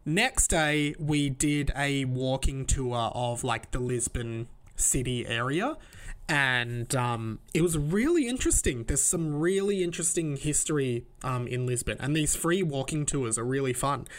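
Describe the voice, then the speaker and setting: In an unhurried way and at a medium pitch, a young podcast host loosely recounts his travels, leaning heavily on fillers and chuckling at his own anecdotes.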